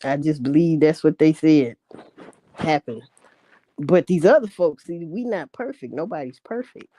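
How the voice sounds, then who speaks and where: A woman's voice: low-pitched, animated, unhurried, dark tone. A woman ranting in a casual commentary, blunt and heavy on profanity. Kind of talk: casual rant.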